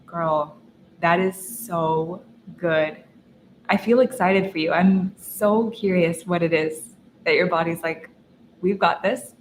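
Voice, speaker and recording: A woman's voice: on the low side, steady tone, slow, a little hiss or hum, poor audio. A young woman hosting a casual livestream Q&A, upbeat and encouraging, talking straight to her viewers. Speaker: lifestyle coach and host.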